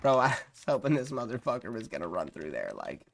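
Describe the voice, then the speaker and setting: A man streaming a shooter game, giving excitable, profane live commentary. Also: mid-range voice, quick pace, gravelly. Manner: excitable, swearing, reacting to the game.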